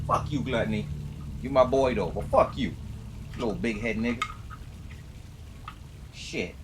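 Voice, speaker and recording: A man with a mid-range voice streams a game live from his gaming chair at home, talking unhurriedly with long pauses. He's hyped and profane, swearing casually as he teases his chat. The background is noisy.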